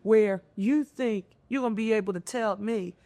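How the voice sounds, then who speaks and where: A middle-aged woman from Philadelphia, a mayor speaking as a panel guest, telling stories in an animated, expressive way with lively intonation. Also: medium pitch, normal speed, dry recording. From Philadelphia, United States. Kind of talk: conversational panel discussion.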